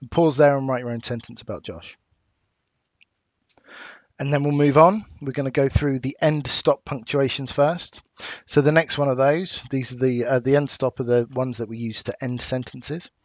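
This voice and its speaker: A man with an English accent, a teacher giving a recorded lesson, explaining patiently and clearly with small fillers. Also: mid-range voice, fairly even intonation, normal speed, no room sound. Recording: dull dry home recording.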